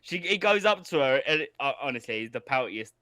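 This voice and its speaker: Bright-voiced sweary podcast guy. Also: medium pitch, expressive, brisk, dry recording. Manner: sweary, laughs a lot, acts out quotes. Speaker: podcast co-host. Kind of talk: casual chat, movie review.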